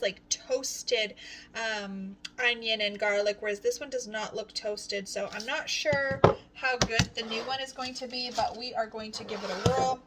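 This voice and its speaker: A woman's voice: fairly high pitch, sharp tone. A woman vlogging casually at home, chatting cheerfully while she cooks. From Canada. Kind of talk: casual chat.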